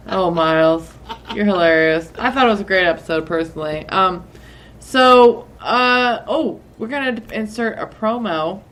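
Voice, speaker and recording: A woman's voice: medium pitch, normal speed, fairly bright tone. A woman co-hosting a podcast, chatting in an amused, laid-back way and laughing easily. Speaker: podcast co-host. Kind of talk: casual podcast chat.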